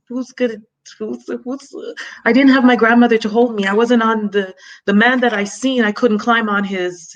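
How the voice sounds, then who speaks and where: Halting, reflective woman from Jamaica. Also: mid-range voice. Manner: halting and reflective, with frequent restarts and repeated words. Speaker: guest. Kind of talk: personal storytelling in an interview.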